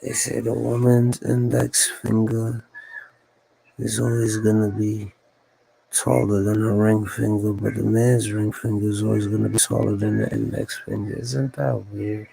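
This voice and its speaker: A man's voice: on the low side, flat delivery, a little slow, creaky, warm tone, poor audio. A man talking to himself on a solo livestream, rambling and repeating his lines in a musing, conspiratorial way. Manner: repetitive, musing aloud, conspiratorial.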